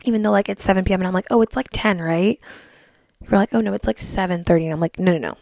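A woman's voice: mid-range voice, fast, vocal fry, a little mellow, no echo, clean studio sound. A young woman vlogging in a bubbly, chatty way, filling her talk with "like". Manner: bubbly, chatty, heavy use of "like". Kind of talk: casual chat to camera.

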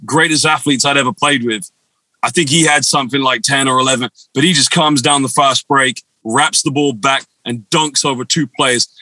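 A man telling long, animated anecdotes with quoted dialogue as a guest in a casual chat. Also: mid-range voice, no room sound, poor audio. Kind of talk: casual storytelling on a video chat.

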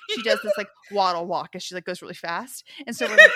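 A woman's voice: mid-range voice, fairly quick, heavy background noise. A woman co-hosting a podcast, telling a story in casual chat, acting out what people said and laughing often. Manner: animated, acts out quotes, laughs often. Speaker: podcast co-host.

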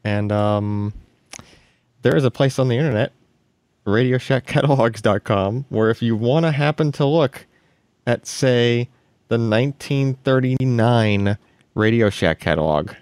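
Animated man hosting a podcast. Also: medium pitch, measured pace, clean tone, dry recording. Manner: animated, laughs often, restarts. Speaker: podcast host. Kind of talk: casual podcast chat.

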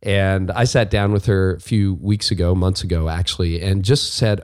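A man's voice: sits low, fairly even intonation, moderate pace, hardly any pauses, a little mellow. A man hosting his leadership podcast, talking in a chatty, self-deprecating and upbeat way. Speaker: podcast host. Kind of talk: casual podcast monologue.

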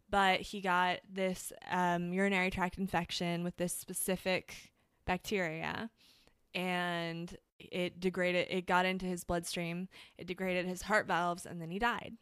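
A woman's voice: lowish voice, fairly bright tone, clean tone, no echo, studio quality. A woman co-hosting a podcast, explaining things in a chatty way with lots of fillers. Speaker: podcast co-host. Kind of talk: casual chat.

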